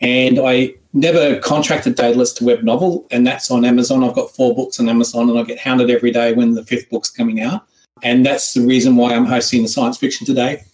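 A man's voice: mid-range voice, level tone, brisk, a little mellow. A man with an Australian accent hosts an online writing seminar in a casual, joking, rambling way with frequent restarts. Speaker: seminar host. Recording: roomy echo.

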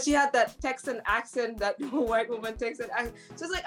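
Woman talk show host, chatty storytelling, slightly high pitch, faint music behind. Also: a little fast, few pauses. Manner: chatty storytelling, laughs often. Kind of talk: casual chat.

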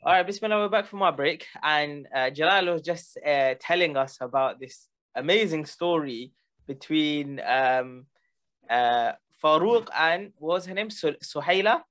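A man hosting an Islamic talk show, relaxed and a little hesitant, with fillers between his thoughts. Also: a little high, a little slow. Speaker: host.

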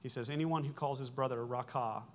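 A man's voice: medium pitch, a little fast, slight background noise. A man in his forties preaching a sermon, explaining Greek words in a conversational way, with self-corrections and wry asides. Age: 40s. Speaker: pastor.

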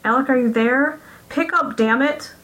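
A woman puts on a lovesick wife whose voice climbs high and bright as panic takes over. She pleads in quick, rising bursts and reaches higher than a plain reading voice would. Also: poor audio. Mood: frantic. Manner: pleading, talking faster and faster. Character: frantic, lovesick woman searching for her husband.

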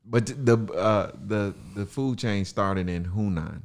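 A man's voice: fairly low pitch, takes it slowly. A man who is a comedian guest on a podcast, chatting casually and easygoing, laughing often and restarting his sentences.

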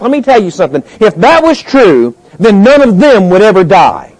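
A male pastor preaching a sermon, emphatic, moving between quiet stretches and loud rising points. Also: high voice, big pitch swings, fairly quick, hardly any pauses, rough recording.

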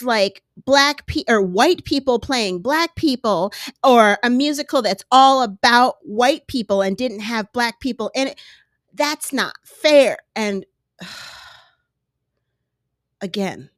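A woman's voice: fairly low pitch, dry recording. Middle-aged woman doing a solo podcast, voice jumps all over the place, dead dry sound, talks straight to her listeners. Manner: animated, acts out quoted voices, candid. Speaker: podcast host. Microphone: podcast microphone.

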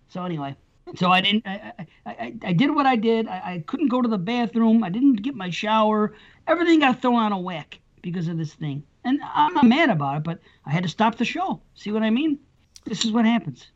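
On a podcast he co-hosts, this middle-aged man tells rambling, profanity-laced stories and chats casually, his high-pitched voice very animated and his pace fairly quick. Everything sounds muffled and lo-fi, with a dull quality.

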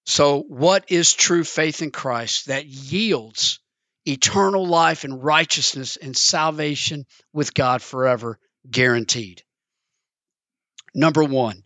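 Earnest guy preaching, kinda high voice, dry close sound, tells stories. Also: slow pace, a bit bright, no echo. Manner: earnest, storytelling, acts out the characters in pitch. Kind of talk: sermon with a told parable.

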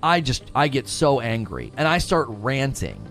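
A man in his thirties casually telling stories to his stream, animated and self-mocking, laughing often. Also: medium pitch, unhurried, vocal fry, soft background music. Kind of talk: casual storytelling to a live stream.

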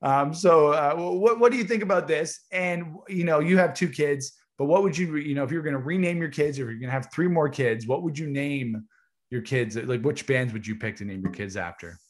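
A man's voice: fairly high pitch, fairly quick. A man co-hosting a music podcast, chatting casually and with enthusiasm about bands and joking with his co-host. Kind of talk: casual chat.

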